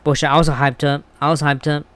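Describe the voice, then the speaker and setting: A man's voice: a little high, level tone, quick pace, fairly bright tone. A man ranting bluntly and with heavy swearing in a casual wrestling commentary vlog. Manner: blunt, profane, heated ranting.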